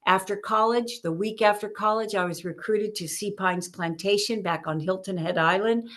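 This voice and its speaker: A woman author, a guest on a podcast, telling stories in an animated way and acting out the voices in her stories. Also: medium pitch, normal speed. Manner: animated storyteller, acts out quotes. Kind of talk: podcast interview storytelling.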